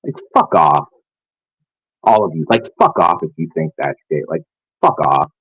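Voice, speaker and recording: A man's voice: rumbling low, big pitch swings, unhurried, a bit bright, husky, no room sound, low-quality recording. A man ranting angrily and profanely to his viewers in a scornful vlog tirade. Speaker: vlogger. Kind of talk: angry rant to camera.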